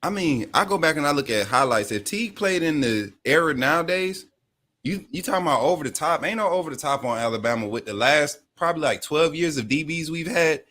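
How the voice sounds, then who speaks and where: A man's voice: a little high, lively intonation, fairly quick, pushed and bright. A man, a coach, co-hosting a sports talk show, rambling loosely with many fillers. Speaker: podcast co-host, coach.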